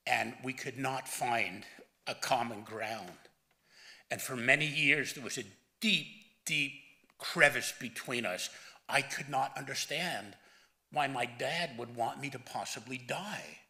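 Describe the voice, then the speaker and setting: A man's voice: mid-range voice, slow pace, pushed and bright. A man in his seventies giving a eulogy for his father, growing emotional and near tears as he speaks. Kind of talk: funeral eulogy.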